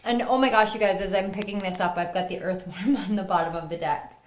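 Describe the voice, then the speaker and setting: A woman's voice: mid-range voice, quick pace, background noise. Earnest woman giving a tarot reading. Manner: earnest, soothing and encouraging, with excited outbursts. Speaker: tarot reader. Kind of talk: spiritual pick-a-card reading to camera.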